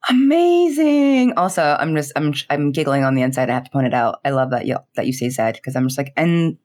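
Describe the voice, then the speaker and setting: A young woman, a streamer, chatting in an interview in a giggly, animated way, full of fillers and quoted dialogue. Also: rumbling low, fast. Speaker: streamer and content creator. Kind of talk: casual interview chat.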